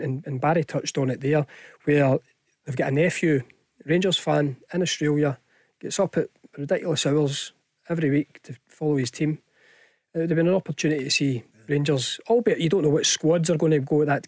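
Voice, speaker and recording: A man's voice: a little high, steady tone, a little fast, a little mellow, dry recording, studio quality. A Scottish man giving casual football punditry on radio, chatty and hesitant with frequent restarts. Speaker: football pundit, former player. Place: radio studio. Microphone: studio microphone.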